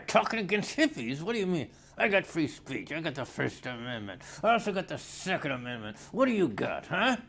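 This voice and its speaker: A man's voice: fairly high pitch, gravelly, fairly bright tone, a little hiss or hum. An older man in a rambling, blustery comedic monologue, easily sidetracked and arguing with imagined callers. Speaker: comedy character newscaster.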